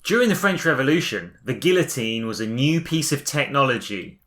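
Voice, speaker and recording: A man's voice: medium pitch, big pitch swings, moderate pace, a bit bright. A man co-hosting a casual chat with his child, telling puns and laughing at his own jokes. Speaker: podcast co-host, father.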